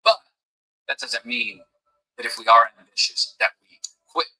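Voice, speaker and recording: A man's voice: medium pitch, animated, normal speed, sharp tone, husky, rough recording. A man giving an emphatic, preachy motivational talk at a table, now and then acting out the voices of the people he quotes. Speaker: motivational speaker. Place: at a table with a camera crew.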